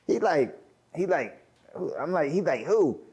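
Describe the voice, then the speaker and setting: Lively Philly man telling a story. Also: a little slow, breathy edge. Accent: Philadelphia. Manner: lively, acts out quotes with swings in pitch; profane slang, frequent "like". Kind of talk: animated anecdote.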